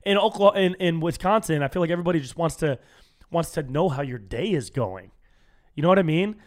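A young man from California hosting a solo comedy podcast, telling casual stories and acting out strangers he quotes. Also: quick pace. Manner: animated storytelling, acts out quoted strangers in higher voice.

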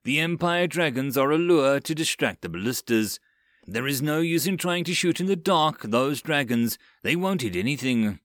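A man voicing a gruff mercenary captain who barks orders, in a dry audiobook reading. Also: fairly high pitch, animated, moderate pace, fairly bright tone, no room sound, voice pushed up. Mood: commanding. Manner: barking orders.

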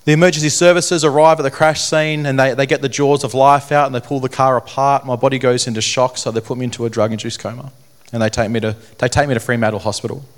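Young man, earnest testimony speaker, halting and repetitive, mid-pitched voice. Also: fairly even intonation. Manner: earnest, halting, repeats phrases. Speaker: speaker telling his testimony. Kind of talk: personal testimony talk to an audience.

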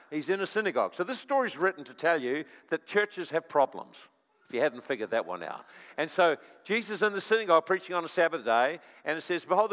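A male preacher delivers a sermon with a high, lively voice that swings up and down as he tells stories. He breaks into chuckling asides, and his voice carries the long reverb of a large hall. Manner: animated storytelling, chuckling asides.

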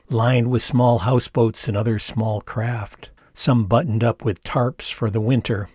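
A man in his sixties reading his own memoir aloud in a measured, reflective and candid way, as audiobook narration. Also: medium pitch, darkish tone, dry recording, studio quality. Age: 60s.

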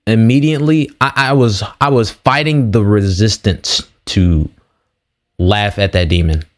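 Young male podcast host, low voice, laid-back slangy storytelling, lots of restarts. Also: unhurried. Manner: animated retelling, slangy with "bro" and "bruh", frequent restarts. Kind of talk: casual storytelling.

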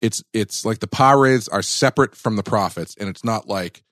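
A male podcast co-host with a low voice, chatting casually about an episode. He stumbles and restarts as he hunts for words, recorded close on a dry mic. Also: fairly bright tone, no echo. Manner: halting, searches for words, many fillers and restarts. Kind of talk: casual review chat.

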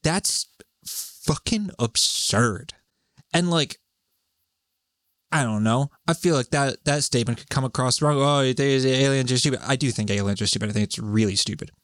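A man's voice: medium pitch, moderate pace, fairly bright tone, no echo. Casting note: man, solo podcast rant, sweary and sarcastic, dry close sound, mid-range voice. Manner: profane, rambling, sarcastic. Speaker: podcast host. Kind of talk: solo rambling monologue.

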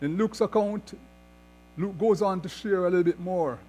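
A high-pitched male pastor delivering a sermon. He reads scripture passages and then explains them, building his emphasis as he goes. A low electrical hum runs underneath the recording. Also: moderate pace, dark tone.

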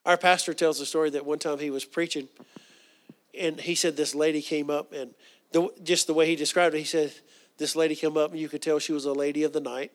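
Folksy preacher, man, earnest and slightly high-voiced, hushes for quoted prayers. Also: flat delivery, a little fast. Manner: folksy, earnest, with asides and restarts; drops to a soft hush for quoted inner prayers. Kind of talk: sermon.

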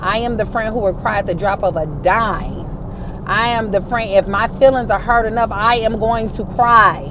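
A woman's voice: medium pitch, moderate pace, noisy background. A woman hosting a motivational faith talk for her viewers and listeners, speaking emphatically and repeating phrases to rally them. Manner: emphatic, repetitive, rallying the audience. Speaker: host addressing viewers and listeners.

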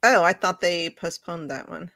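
Female co-host, bright tense tone, offhand chat, dry close mic. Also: on the low side, normal speed, dry recording. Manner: chatty, offhand, thinks out loud. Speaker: podcast co-host. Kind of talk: casual live chat.

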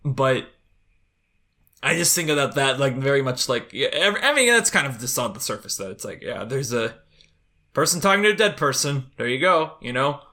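A man co-hosting a podcast in casual chat, joking and animated, often laughing as he talks. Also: medium pitch, moderate pace. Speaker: podcast co-host.

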